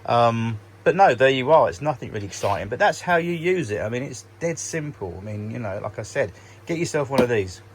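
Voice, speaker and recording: A man's voice: mid-range voice, lively intonation, fairly quick, slight background noise. A man talking casually through a how-to demonstration for his hobby channel, rambling a little and correcting himself as he goes. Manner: chatty, rambling, self-correcting, dry sarcasm. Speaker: model railway hobby vlogger.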